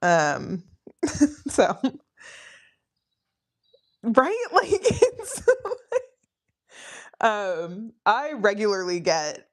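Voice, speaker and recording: A woman's voice: medium pitch, very animated, drawn-out words, pauses often. A woman chatting casually on a live study stream, rambling with frequent ums and laughing often. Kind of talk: casual livestream chat.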